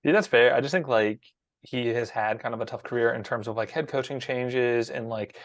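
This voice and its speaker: A man's voice: medium pitch, brisk, no echo. A man co-hosting a casual sports chat, laid-back and reflective, often hedging with "I think".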